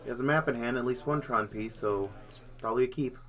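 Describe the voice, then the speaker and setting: A male commentator calls a card game live in an easygoing, playful way. His voice sits at an ordinary middle pitch, and he slips goofy sound effects into the chatter. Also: fast, fairly bright tone. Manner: casual, jokey, hums sound effects.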